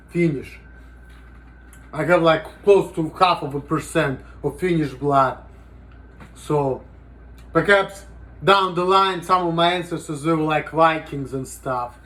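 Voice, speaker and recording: A man's voice: a little high, fairly bright tone. A man talking casually in a rambling, profane vlog monologue, with "you know" in almost every sentence. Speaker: vlogger.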